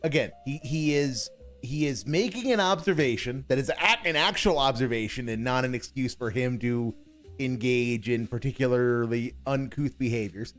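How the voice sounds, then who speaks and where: A man giving sarcastic, exasperated reaction commentary on a clip, mocking what he hears. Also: on the high side. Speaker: stream commentator.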